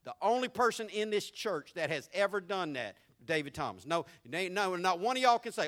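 Male pastor, high bright voice, preaching in a folksy style with big swings from loud to hushed. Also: lively intonation, brisk. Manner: preaching with sweeping shifts between shouted and hushed delivery; folksy and conversational. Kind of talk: sermon.

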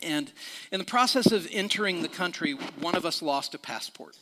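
A middle-aged pastor preaches a sermon in a church, sharing a personal story in a conversational style with restarts and questions to the congregation. His voice is fairly high and animated at a normal speed, with big-room acoustics and a noisy background.

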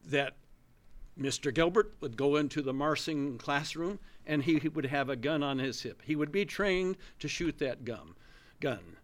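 A man's voice: fairly high pitch, lively intonation, measured pace. A man answering a debate question in an earnest, grave way, dwelling on how sad the subject is. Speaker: debate candidate.

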